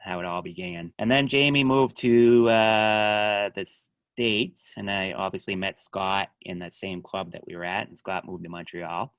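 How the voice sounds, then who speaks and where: A middle-aged man, a judo coach, chatting as a podcast guest and telling animated stories, often laughing and trailing off quietly. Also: low voice, unhurried, few pauses, clear, resonant tone, dry recording. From Canada. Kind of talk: casual podcast chat.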